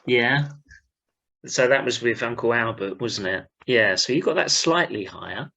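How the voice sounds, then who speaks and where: Lively bright-voiced man hosting a podcast. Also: mid-range voice, a little slow, gravelly, lo-fi sound. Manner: lively, steers the conversation. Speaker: podcast host. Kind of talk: casual chat.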